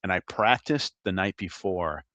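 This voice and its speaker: A middle-aged man, a retired agent, telling animated, laughing anecdotes as a guest in a casual interview. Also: deep voice, measured pace, no echo.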